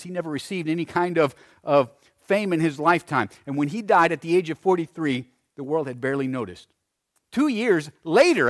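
Repeating words often to drive his point home, a pastor preaches in a fairly high-pitched voice. His sermon swings between loud emphasis and hushed phrases.

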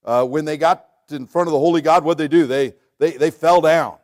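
Folksy preacher man, higher voice. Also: brisk. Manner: folksy, humorous preaching with dramatic shifts in loudness and pace. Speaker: pastor. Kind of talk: sermon. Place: church.

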